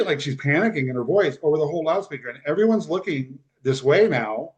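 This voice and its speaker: A man with a fairly high voice speaks briskly, barely pausing, as a podcast guest telling a personal story in casual conversation. He's an animated storyteller who acts out the voices of the people in it.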